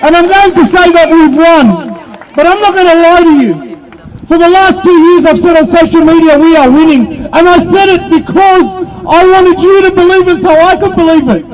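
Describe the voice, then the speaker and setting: Aussie guy yelling a fired-up rally speech outside, real high voice, bit of crowd noise. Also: moderate pace, poor audio. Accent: Australian. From Australia. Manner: fiery, shouting to a crowd. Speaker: rally speaker. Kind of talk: impassioned protest speech. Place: outdoor protest rally. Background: faint crowd.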